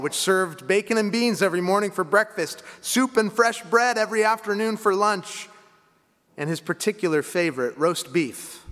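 A man's voice: high voice, fairly bright tone. Man preaching in a reverberant hall. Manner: storytelling, conversational with "you know" asides. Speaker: pastor. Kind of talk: sermon. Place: church sanctuary.

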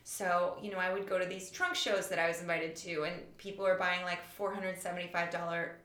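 Interview guest, woman in her forties, quick-witted storyteller, room echo on the track. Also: on the low side, flat delivery, fairly bright tone. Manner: chatty, quick storytelling with wry humor. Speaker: author and show creator guest. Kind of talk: casual interview chat. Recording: echoey room.

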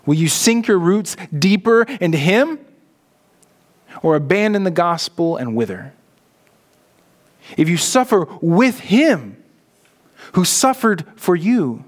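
A man with a high, light speaking voice preaches a sermon from the pulpit. He is earnest, often slowing right down and sinking low and quiet to press a point home. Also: big pitch swings. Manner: earnest preaching, slows and drops low for emphasis. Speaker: pastor.

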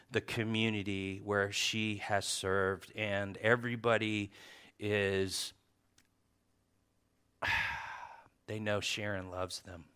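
A man in his forties giving a heartfelt tribute at church, telling stories that swing between loud animated bursts and soft asides. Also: lowish voice, clear, resonant tone. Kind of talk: heartfelt tribute speech to a congregation.

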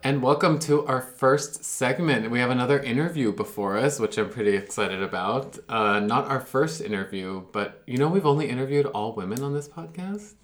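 A man's voice: medium pitch, brisk, hardly any pauses, soft background music. A man hosting a podcast, interviewing a guest in an upbeat, casual way. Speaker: podcast host.

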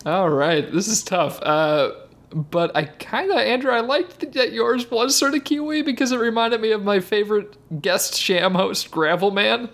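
A man's voice: high-pitched, moderate pace, fairly bright tone. A man hosting a comedy podcast, upbeat and laughing often. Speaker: podcast host.

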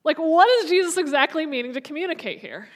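A woman's voice: high-pitched, lively intonation, quick pace. A young adult woman preacher who retells a story in a chatty, conversational sermon. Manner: chatty, conversational, frequent restarts.

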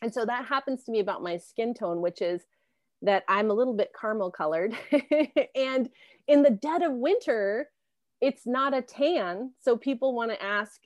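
A woman's voice: a little high, animated, normal speed, dry recording. A woman from South America in her thirties or forties, telling personal stories as an interview guest, laughing often and acting out other people's lines. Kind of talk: casual personal storytelling.

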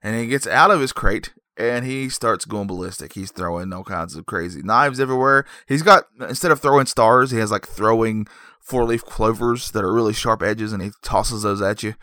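A man giving a rambling, jokey recap of a horror film as a movie reviewer, with deadpan asides. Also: fairly low pitch, moderate pace, no room sound, clean studio sound.

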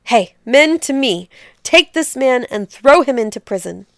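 A proud young queen with a smooth, clear voice, read aloud by a woman. She gives sharp orders and raises her voice, in a storybook told in a dry, close room. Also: sits high, animated, a little slow, dry recording, voice pushed up. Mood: commanding.

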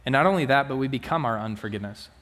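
In a church sanctuary, a student minister preaches casually and conversationally, often turning aside to the congregation. His mid-range, fairly bright voice races with lively intonation, echoing with the long reverb of the hall.

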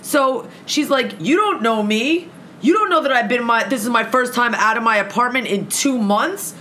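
A woman's voice: a little high, normal speed, a little hiss or hum. A woman telling a heated story in casual conversation, swearing freely and acting out both sides of an argument. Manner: profane, animated, acts out both sides of an argument.

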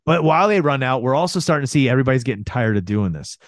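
A man casually recapping a movie plot, telling it with lively put-on voices for the characters. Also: mid-range voice, racing, crowd noise. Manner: animated retelling with voiced impressions. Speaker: podcast co-host.

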